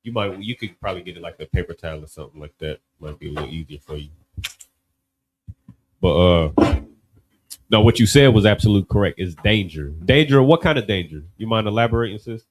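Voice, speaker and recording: A man leads a relaxed class. His voice sits fairly low. He talks loosely and keeps checking in with his listeners. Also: fairly quick, slight background noise, rough recording. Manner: loose and conversational, many "you know what I mean" asides. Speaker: class teacher. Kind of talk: casual classroom teaching.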